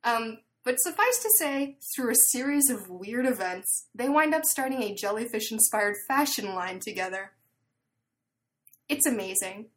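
A fairly high-voiced woman chats easily on a podcast. She tells stories at length, full of "like" and "um", in a relaxed, casual way. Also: normal speed, a little hiss or hum. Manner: chatty storyteller with many fillers. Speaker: podcast co-host. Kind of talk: casual chat.

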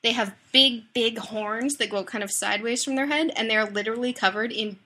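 A woman's voice: fairly high pitch, a little fast, sharp tone. A woman from Canada chatting casually with a friend, laughing often. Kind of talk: casual chat between friends.

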